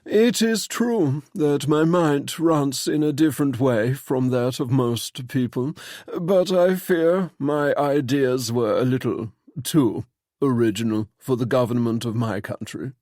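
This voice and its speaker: A man reading an audiobook and voicing a foreign émigré in his sixties, with a slight foreign accent and a halting, light, wry manner. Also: mid-range voice, a little mellow, dry recording, clean studio sound, close to an everyday voice. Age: 60s. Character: older foreign émigré thinker, light and inscrutable.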